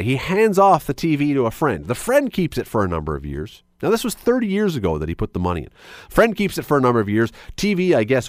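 A man's voice: lowish voice, no room sound, studio quality. A man hosting a call-in radio show, chatty and musing aloud as he sets up a question for listeners. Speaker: radio talk show host. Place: radio studio. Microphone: studio mic.

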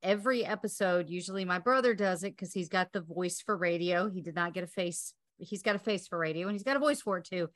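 A woman's voice: on the low side, quick pace, hardly any pauses, no room sound. A woman hosting a podcast, chatting effusively and giggling. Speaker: podcast host. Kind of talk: casual chat.

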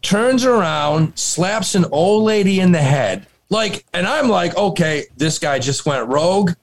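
A man with a fairly high, lively voice tells a wild story to his co-hosts in loose, profane chat. His delivery swings up and down as he builds each beat. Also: unhurried. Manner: animated, swearing, laughing storyteller. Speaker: podcast co-host. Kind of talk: casual storytelling.

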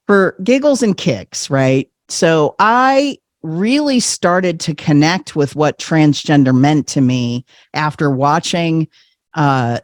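Lively storytelling man, dry sound. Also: medium pitch, no room sound. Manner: animated, laughs often, acts out quoted voices. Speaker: podcast guest. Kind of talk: conversational storytelling.

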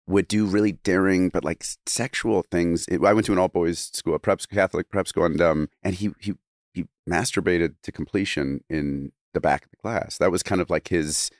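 A man's voice: low voice, fairly even intonation, moderate pace, no echo, clean studio sound. A man guest in a casual podcast chat, rambling through stories with restarts and laughing asides.

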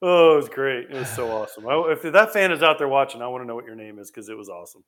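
A man, a former ballplayer co-hosting a podcast, telling a story in an animated, excitable way. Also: medium pitch, very fast. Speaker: former pro baseball player, co-host.

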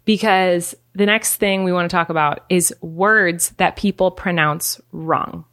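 A young woman co-hosting a podcast in a playful, casual chat, laughing often and swooping high when excited. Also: unhurried, no echo, studio quality. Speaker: podcast co-host.

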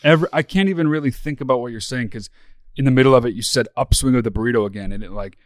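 A man's voice: medium pitch, racing, no echo, studio quality. A man co-hosting a podcast in casual comedic banter, teasing and mock-exasperated, swearing freely. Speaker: podcast co-host.

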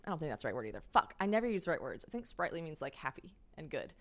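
A woman's voice: low voice, racing. Chatty swearing woman podcast host. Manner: animated, swears freely, self-deprecating. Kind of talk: casual storytelling. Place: small apartment indoors.

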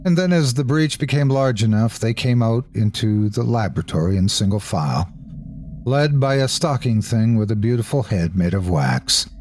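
A man's voice: on the low side, expressive, a little mellow, a little hiss or hum. Man narrating a horror tale. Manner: measured, shifting pace for suspense. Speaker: host and narrator. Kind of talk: dramatic horror story narration.

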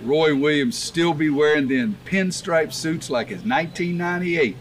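A man's voice: a little high, moderate pace, recorded from a distance, background noise. A man reading tweets aloud and joking about them, laughing at himself.

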